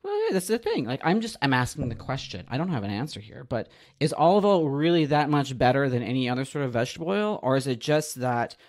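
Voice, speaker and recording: A man with an American Southern accent, co-hosting a podcast in casual chat, blunt and quick to contradict. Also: mid-range voice, very animated. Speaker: podcast co-host.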